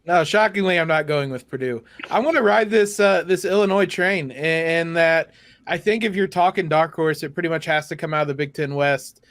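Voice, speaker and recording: A man guesting on a sports podcast, measured and a little wry. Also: a little high, fairly bright tone, dry recording. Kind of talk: casual panel chat.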